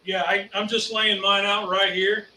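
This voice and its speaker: A man's voice: high voice, level tone, moderate pace, bright, forceful tone, a little hiss or hum. A man co-hosting a casual cooking stream, making easygoing remarks from a distance in an echoey room. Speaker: co-host cook. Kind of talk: casual live cooking chat.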